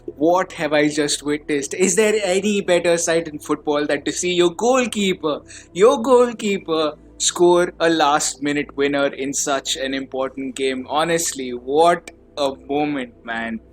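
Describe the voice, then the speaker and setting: A man hosting a casual fan podcast, gushing and stammering, his voice trembling with excitement. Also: a little high, unhurried. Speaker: podcast host.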